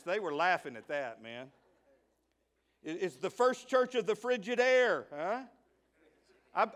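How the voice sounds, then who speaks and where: Southern pastor guy, high voice, goes from soft joking asides to hollering praise. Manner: swings from quiet asides to shouted joyful praise. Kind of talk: sermon.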